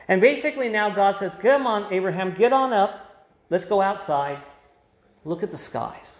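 A man preaching a sermon, explaining scripture in a conversational way and adding emphasis with quoted voices. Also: sits high. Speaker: pastor. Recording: roomy echo.

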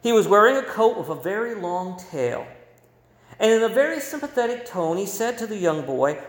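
A male pastor preaching a sermon in a church, telling a story and moving between loud and hushed delivery. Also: high-pitched, very animated, moderate pace. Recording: roomy echo.

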